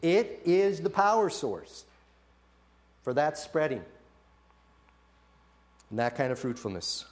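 A man preaching a sermon, animated, acting out quoted voices and often restarting his sentences. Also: a little high, takes it slowly, long pauses. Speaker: pastor.

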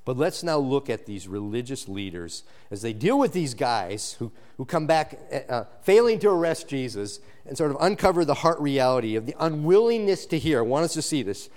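Male pastor, mid-pitched, earnest sermon teacher who restarts phrases and swings from hushed emphasis to animated peaks. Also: normal speed, hardly any pauses. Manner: frequent restarts and repeated words. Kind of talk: expository sermon.

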